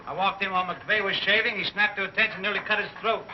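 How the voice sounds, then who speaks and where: An actor playing a brash, wisecracking army sergeant who barks orders, in a 1950s sitcom style. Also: male voice, high-pitched, quick pace, natural voice. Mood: bossy. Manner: bossy, barking orders. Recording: dull old TV sound with hiss.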